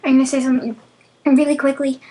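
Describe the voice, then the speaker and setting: A woman's voice: high voice, little pitch movement, fast, noisy background. A woman talking casually and hesitantly to viewers, rambling with lots of fillers. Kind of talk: casual chatty aside to viewers.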